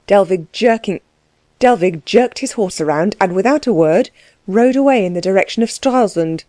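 Warm, mellow woman narrating a story. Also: mid-range voice, no room sound, studio quality. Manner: steady, measured storytelling. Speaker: audiobook narrator. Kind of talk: scripted narration.

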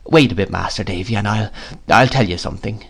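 A man's voice: fairly low pitch, a little fast, creaky, a bit bright, husky, exaggerated voice. A man voicing a kindly, flustered middle-aged servant woman who speaks in a breathless, soothing way in an audiobook reading.

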